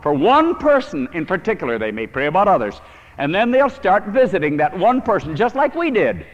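A man preaching a sermon to a congregation, telling stories and acting out the prayers of people he met. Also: high voice. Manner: storytelling, acts out prayers, earnest. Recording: dull old recording in a reverberant hall.

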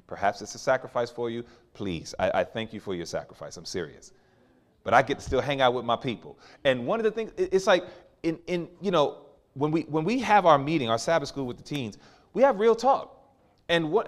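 A man preaching a sermon, acting out quoted voices with big swings as he tells stories. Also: medium pitch. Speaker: pastor.

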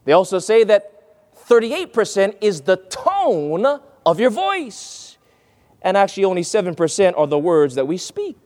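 A man's voice: sits high, wildly swooping pitch, unhurried, a little mellow, long reverb tail. A man giving a sermon-style lesson on speaking, stressing key words and calling his listeners friends. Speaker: preacher teaching on speech. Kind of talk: sermon lecture with quoted readings.

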